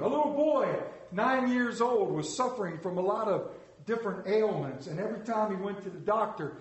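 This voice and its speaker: A man preaching a sermon, telling stories dramatically with big swings in pitch and loudness. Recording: echoey room.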